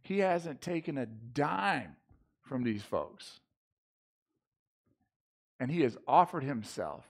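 A man's voice: medium pitch, big pitch swings, slow pace, pauses often. A man preaching a casual sermon in church, talking loosely with slang and frequent restarts. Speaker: pastor. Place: church sanctuary.

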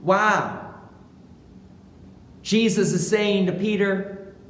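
A pastor delivers a sermon at an unhurried, deliberate pace, with a voice that rises and falls widely. The words ring through a large, reverberant church sanctuary, with a faint hum of room ambience underneath. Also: mid-range voice. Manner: slow, deliberate preaching with animated voiced quotations.

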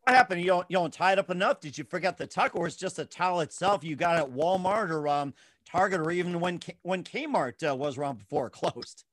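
A man hosting a talk show, joking and rambling with lots of halting restarts. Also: a little high, a bit bright, dry recording. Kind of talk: casual talk show chat.

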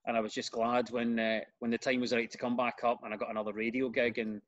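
Glaswegian man telling lively stories. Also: medium pitch, fast, lo-fi sound. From Scotland. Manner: animated storyteller, repeats words when starting sentences. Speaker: podcast guest, comedian and radio host. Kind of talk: casual interview chat.

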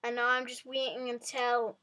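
A woman giving excitable, chatty commentary on a game to her viewers. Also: a little high, moderate pace, slight background noise. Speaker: vlogger. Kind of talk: casual gameplay commentary.

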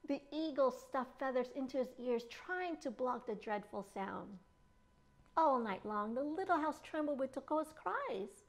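A woman children's librarian reads a picture book aloud in storytime style. Her voice is high and swoops expressively. She takes her time over each phrase. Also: lively intonation, unhurried.

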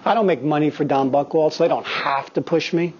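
Fifty-something guy telling blunt swear-y stories at an acting studio, voice a bit high, kinda muffled recording. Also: brisk, a little hiss or hum. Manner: profane, animated storyteller. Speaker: guest actor speaking to acting students. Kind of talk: candid anecdotal talk. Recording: slightly dull lo-fi recording.

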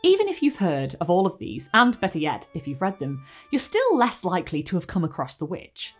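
Woman host, animated book reviewer, faint music bed. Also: on the low side, fairly quick. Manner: expressive reading, lively quotes. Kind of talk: book review and read-aloud.

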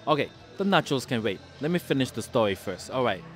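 A man's voice: medium pitch, big pitch swings, a little fast, faint music behind. A man hosting a casual food vlog in a sports bar restaurant, chatting and rambling through anecdotes. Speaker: food and travel vlogger.

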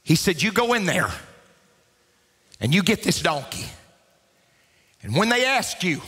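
A male pastor preaches in a church sanctuary, his voice pitched a little high and ringing with a bright, forceful edge. He drives his points home by repeating them and climbs into shouts at the peaks. A long hall reverb trails every phrase. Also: very animated, a little slow, long pauses, husky. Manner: emphatic preaching, rising to shouts; repeats key lines for emphasis. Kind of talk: sermon.

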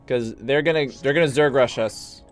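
With soft music in the background, a man speaks at a normal speed in a mid-range voice, narrating his strategy game live. He giggles, gets excited, and playfully barks orders at his units as if spoiling for a fight.

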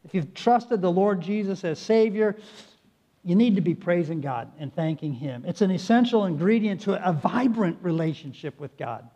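A man's voice: high voice, expressive, normal speed, warm tone, highs cut off. A man preaching a sermon as pastor, speaking earnestly and appealing directly to his congregation in a church sanctuary.

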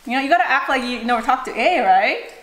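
A woman in her thirties, a mother giving casual advice while eating on her vlog. She talks in a chatty, animated way and keeps acting out other people's lines. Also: high-pitched, fast, background noise. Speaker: mukbang and recipe vlogger, mother. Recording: roomy echo with clattering dishes.

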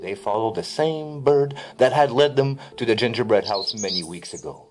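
A man reading a classic fairy tale aloud in an expressive storybook narration. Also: medium pitch, normal speed, soft background music.

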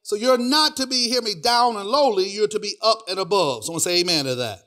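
A middle-aged male pastor preaching a sermon, filling it with "praise God" and "hear me," swinging between hushed asides and loud sung preaching. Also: high-pitched, lively intonation, brisk.

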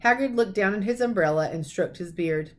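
A woman teacher reading a children's novel aloud, expressive and lively. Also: mid-range voice, a little fast.

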